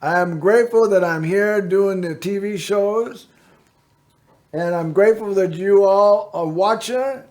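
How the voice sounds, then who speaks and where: A middle-aged man hosts his own local TV show and talks straight to the camera. His voice sits high and he takes his time. He drifts from one story to the next, padding his talk with "you know" and "anyway.". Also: measured pace, a little mellow. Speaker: host of a local access TV show. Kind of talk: rambling personal monologue to camera.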